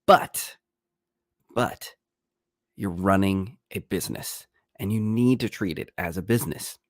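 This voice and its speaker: A man's voice: low-pitched, a little slow, no room sound, clean studio sound. A man who is a real estate agent and coach, slightly sick, talking to camera in an upbeat, emphatic way with an American accent. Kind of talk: energetic vlog talk to camera.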